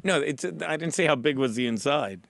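A man's voice: on the high side, lively intonation, normal speed, gravelly, a bit bright, no echo. A man hosting a comedy radio show in a studio, stammering and incredulous as he banters. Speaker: host.

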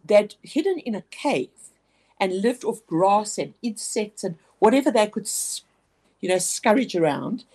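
A woman's voice: medium pitch, darkish tone, slightly rough. A woman guest on a radio interview telling a personal story, reflective and earnest, often restarting her sentences.

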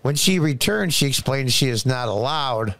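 A man's voice: mid-range voice, animated, normal speed, pushed and bright, no room sound. Scornful male commentator, dry close voice. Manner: scornful, sarcastic, repeats words for emphasis. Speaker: political commentary host. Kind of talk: opinionated political commentary.

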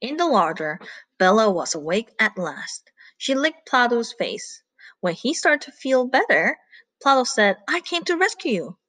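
A woman reads a children's picture book aloud, animated and engaging, pausing to ask her young listeners what will happen next. Her voice is lively and rather high, recorded close with little room sound. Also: dry recording. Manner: animated, asks listeners questions. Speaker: storyteller. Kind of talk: children's story read-aloud.

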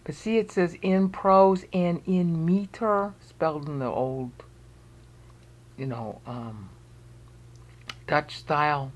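Slow, thinking-aloud screen walkthrough. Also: mid-range voice, fairly even intonation, highs cut off. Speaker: video presenter explaining research.

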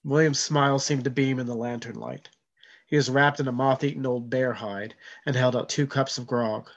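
A man reads his own fiction aloud in a measured, steady voice at a middling pitch. The recording is dull and lo-fi. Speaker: author.

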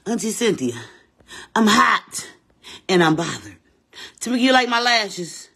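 A woman playing a brash, sassy woman fussing over her lashes in a comedy skit, talking loud and defensive with a husky voice. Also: medium pitch, lively intonation, moderate pace, voice pushed up. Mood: excited.

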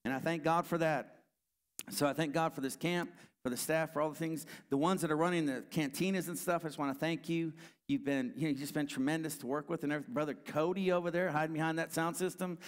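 A man's voice: fairly high pitch, steady tone, fast talker, clear, resonant tone. A middle-aged man who leads a youth choir gives a rambling, heartfelt personal testimony to a church gathering, with restarts and church exclamations.

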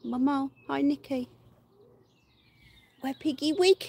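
A woman's voice: a little high, animated, measured pace, a little mellow, a little hiss or hum. A woman hosting a casual garden livestream, chatting to viewers and cooing baby talk at her dog with frequent laughter, recorded outdoors. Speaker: livestream host. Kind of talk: casual live-stream chat with pets and viewers.

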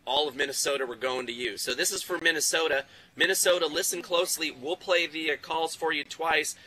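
Upbeat man with a very bright voice. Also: fairly high pitch, steady tone, fairly quick, rough recording. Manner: upbeat, encouraging, praises kids. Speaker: host of a live virtual classroom field trip. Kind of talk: live interactive quiz with classrooms.

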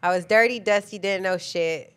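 A woman guest in a casual chat, chatty and asking quick questions. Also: mid-range voice, clear, resonant tone. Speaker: podcast guest.

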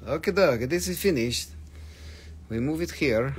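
A man hosting a live sale of stones, talking in halting, broken English with fillers while he names prices. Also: on the high side, expressive, a little hiss or hum. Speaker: host of a live crystal sale. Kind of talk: live sales patter. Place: shop, indoors.

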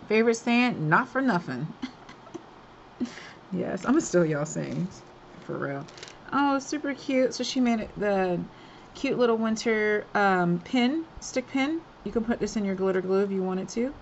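A woman's voice: medium pitch, lively intonation, unhurried, lo-fi sound, slight background noise. A woman hosting a craft swap, chatting casually and gushing over each item as she unboxes it, laughing often.

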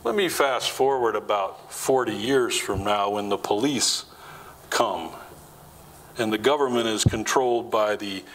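A man's voice: measured pace, a bit bright, low-quality recording. A man preaching a sermon in a church, talking conversationally, asking the congregation questions and acting out quoted lines. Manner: acts out quoted lines with rising pitch. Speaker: pastor.

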